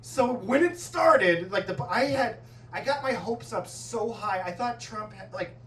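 A man doing a stand-up set, telling stories in a profane, animated way. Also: sits high, a little slow, slight background noise. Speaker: stand-up comedian. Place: comedy club stage. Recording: echoey club, distant mic, audience laughter.

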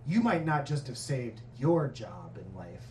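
A man's voice: mid-range voice, very animated, measured pace, a little mellow, echoey room, recorded from a distance, slight background noise, voice pushed down. A man playing a commanding old film boss. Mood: grave. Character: imagined famous film director, commanding, older man.

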